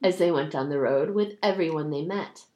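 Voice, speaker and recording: A woman's voice: deep voice, moderate pace, mellow, highs cut off. Woman telling a tale in a roomy space. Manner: reads a story aloud, laughing and joking in asides. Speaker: podcast host telling a folk tale. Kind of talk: casual storytelling with banter. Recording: roomy echo.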